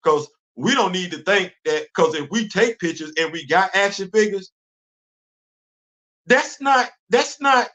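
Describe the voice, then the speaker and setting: A middle-aged man hosting a casual solo livestream, animated, repeating himself and quizzing himself in asides. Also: high-pitched, unhurried. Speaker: host. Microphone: livestream studio setup.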